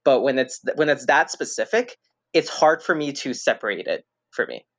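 A man chatting casually as a podcast guest, rambling and hesitant, restarting his sentences and filling pauses as he goes. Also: medium pitch, animated, fairly bright tone, no room sound. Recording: dull lo-fi dry recording.

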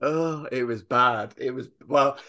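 A man hosting an interview, telling an embarrassing story in a lively, self-deprecating way. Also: mid-range voice, slow. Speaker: podcast host. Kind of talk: casual interview chat.

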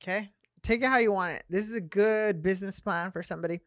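A woman's voice: mid-range voice, fast talker, no room sound, studio quality. A woman guest on a podcast, chatty and earnest, talking through many fillers. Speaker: guest business owner. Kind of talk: casual podcast chat. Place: podcast studio.

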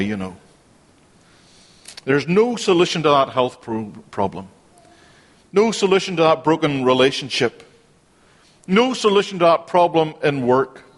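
A man's voice: medium pitch, very animated, normal speed, pauses often. A man preaching a sermon, earnest and repeating phrases for emphasis. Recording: long hall reverb.

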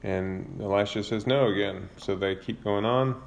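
Low-voiced man casually retelling scripture. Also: steady tone, moderate pace, vocal fry, a little hiss or hum. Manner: informal, with fillers and self-corrections. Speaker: Bible reader retelling scripture. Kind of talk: casual Bible summary and commentary.

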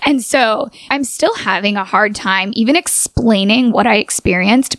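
A woman's voice: fairly high pitch, dry recording. A woman telling a personal story in a casual, earnest way, with "like" filling many of her sentences. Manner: earnest, full of "like" fillers.

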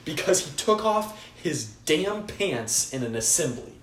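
A teenage guy co-hosting a casual chat show, swinging his voice up and down as he tells stories with plenty of swearing. His voice sits a bit high for a man. The room is echoey, and a faint hiss runs underneath. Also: sing-song, unhurried. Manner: loud storytelling, swearing, laughing bursts. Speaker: podcast co-host.

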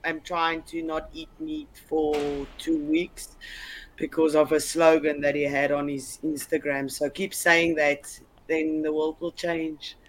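A woman's voice: low voice, little pitch movement, unhurried, a little hiss or hum, poor audio. A woman co-hosting an interview, chatting in a bubbly, casual way. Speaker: co-host.

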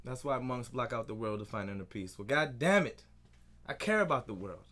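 A man's voice: mid-range voice, expressive, brisk, fairly bright tone. A young man hosting his own podcast, ranting alone in a frustrated, profane way and often restarting his sentences. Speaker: podcast host. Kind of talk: solo podcast rant.

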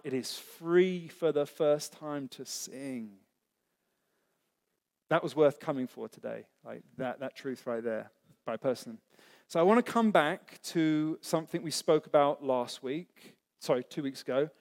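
A man preaching a sermon as pastor, earnest and conversational, asking the congregation rhetorical questions. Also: on the high side. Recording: echoey hall.

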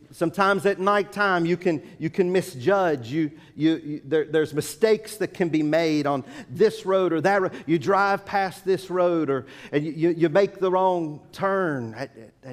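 A middle-aged man preaching a sermon to a congregation, telling a story with halting, repeated words. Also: on the high side. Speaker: pastor. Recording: long reverb of a hall.

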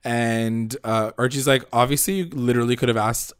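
A man in a casual recap chat, his voice sitting at an ordinary middle pitch. He tells the story in an animated way and jumps into quick impressions of the characters. The recording is dry and close, with almost no room sound. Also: clean tone, no echo. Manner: animated, acts out characters' lines mid-story. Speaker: podcast co-host.

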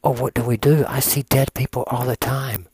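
A man doing a paranoid cat, hushed and frantic. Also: mid-range voice, steady tone, moderate pace, husky, no echo, studio quality. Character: jittery cat, paranoid about ghosts.

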